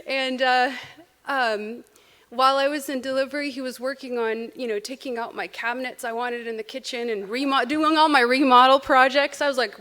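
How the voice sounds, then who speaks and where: A woman's voice: sits high, fairly even intonation, normal speed, sharp tone. Chatty woman telling memorial stories. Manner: chatty, laughs between anecdotes. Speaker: eulogy speaker. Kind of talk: personal storytelling at a memorial.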